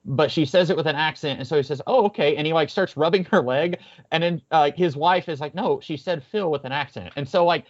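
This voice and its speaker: A man's voice: fairly high pitch, fairly quick. A man chatting casually on a podcast, rambling with many fillers and restarts. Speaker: podcast co-host. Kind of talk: casual chat. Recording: muffled lo-fi audio.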